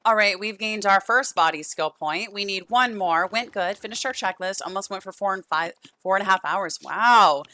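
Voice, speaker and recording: A woman's voice: medium pitch, moderate pace, few pauses, pushed and bright, dry recording. A young woman streaming a life-sim game, chatting affectionately with viewers and her characters, losing her voice. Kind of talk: casual gameplay stream chat.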